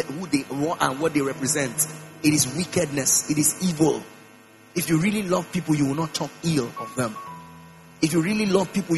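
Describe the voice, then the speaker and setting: A man preaching a sermon in a church, emphatic, repeating phrases and swinging his pitch up and down. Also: poor audio. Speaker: pastor. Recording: mains hum with faint music behind.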